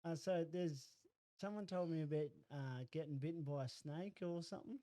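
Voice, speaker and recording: A man with a fairly high but mellow voice hosts the chat. He keeps his questions brief and laughs along readily, and the sound is dry and close. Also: moderate pace, dry recording. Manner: short prompts, laughs a lot. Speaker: podcast host. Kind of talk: casual interview.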